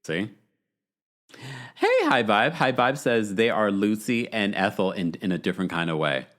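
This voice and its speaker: A man hosts a live reality TV recap stream, talking straight to his viewers. His voice sits low but swings high when he gets excited, and he keeps reading chat comments aloud between bursts of laughter. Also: moderate pace. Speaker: podcast host.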